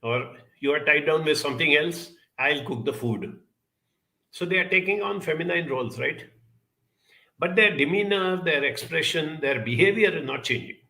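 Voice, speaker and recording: A man giving an earnest, reflective talk, telling a childhood story in a measured way with lively emphasis. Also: on the high side.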